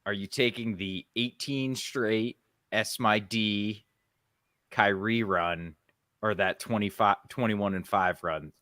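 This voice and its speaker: A lower-voiced man with a bright, forceful tone co-hosts a casual podcast, raising questions and answering them wryly. His voice sounds dry and close. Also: fairly even intonation, slow pace, no echo. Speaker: podcast co-host.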